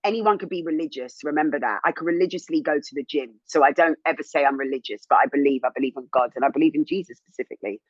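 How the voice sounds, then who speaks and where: A woman in her thirties, a TV presenter, telling her own story as an interview guest in a candid, animated way, rising high when indignant. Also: quick pace, hardly any pauses, breathy edge, dry recording, muffled recording. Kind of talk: emotional personal testimony.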